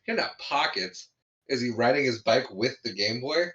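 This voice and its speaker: Man, podcast co-host, casual movie recap, bright tone, dull lo-fi recording. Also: medium pitch, lively intonation, normal speed. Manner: laid-back plot recap, chuckling often. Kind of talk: casual movie review chat.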